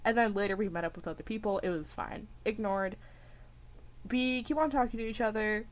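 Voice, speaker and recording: A woman's voice: medium pitch, brisk. Young female podcast co-host, casual storyteller, giggly and rambling. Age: young adult. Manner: rambling, giggly, acts out quotes with voices.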